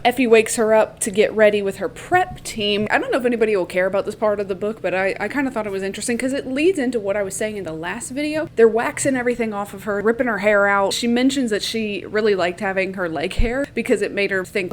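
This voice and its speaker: A woman's voice: mid-range voice, lively intonation, a little fast, hardly any pauses, a little hiss or hum. A woman with a Southern US accent, casually recapping a book in a chatty, swearing, playful way.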